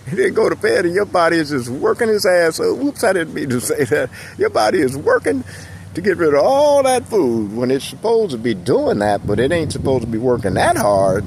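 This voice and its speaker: A man's voice: a little high, huge pitch swings, fairly quick, gravelly, darkish tone, a little hiss or hum. A middle-aged man giving a casual motivational monologue, folksy and rambling, chuckling often as he talks.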